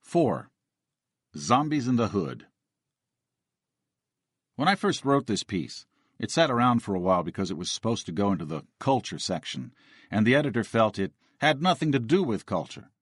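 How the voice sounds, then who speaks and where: A man reads an audiobook in an expressive storytelling manner. His voice is low with lively, varied intonation. The recording is dry and close. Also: moderate pace, pauses often, no room sound. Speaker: audiobook narrator. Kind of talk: scripted audiobook narration.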